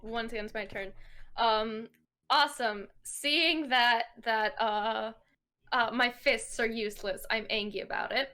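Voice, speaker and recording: A woman playing a tabletop game with a bright, slightly high voice. She talks haltingly and pokes fun at herself as she stumbles over her numbers. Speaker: player. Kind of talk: casual tabletop game play.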